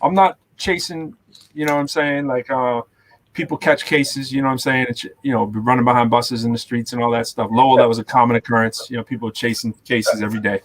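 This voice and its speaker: Man, casual chat, animated, rambling, middle pitch. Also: a little fast. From Massachusetts. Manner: animated, rambling, full of "you know what I'm saying".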